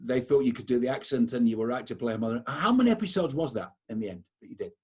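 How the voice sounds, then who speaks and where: A man's voice: medium pitch, animated, racing, darkish tone, husky. A man interviewing an actress, asking about her career with an admiring, enthusiastic manner. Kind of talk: interview questions.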